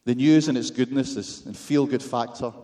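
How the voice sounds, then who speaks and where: A man's voice: medium pitch, steady tone, normal speed, warm tone. A man with a Scottish accent preaching a sermon, with wry, self-deprecating humor and rhetorical questions to the congregation.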